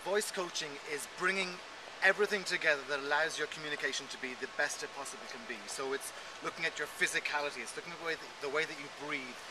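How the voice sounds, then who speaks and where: A man with a fairly high voice talks quickly and animatedly as a voice coach being interviewed. He demonstrates his points with lively emphasis. Street traffic rumbles clearly behind him outdoors. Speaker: voice coach guest. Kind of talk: conversational interview explanation. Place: outdoors in an urban area.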